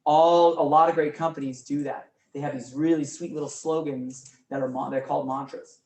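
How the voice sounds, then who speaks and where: A man teaching a real estate class, energetic and often quizzing his students. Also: on the high side, moderate pace. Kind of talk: live classroom training talk. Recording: roomy room, mic from far off, faint noise.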